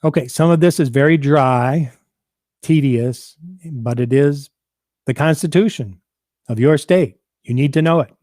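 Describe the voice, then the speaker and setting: A man hosting a civics program, reading out and explaining a state constitution in a measured, deliberate way. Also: mid-range voice, a little mellow, no echo, studio quality. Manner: measured, deliberate, quotes documents aloud.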